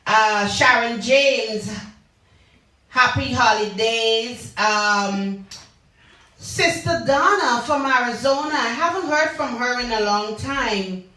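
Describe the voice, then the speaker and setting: A woman hosting a call-in radio talk show, chatting slowly and calling out her listeners by name. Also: a little high, pushed and bright. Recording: echoey, distant from the mic.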